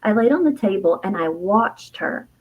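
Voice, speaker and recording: A middle-aged woman recounts a personal memory as an interview guest. She talks reflectively and from the heart, with a middle pitch, leaning on fillers and soft laughs as she goes. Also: expressive, moderate pace, narrow, tinny audio. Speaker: guest, herbalist and author.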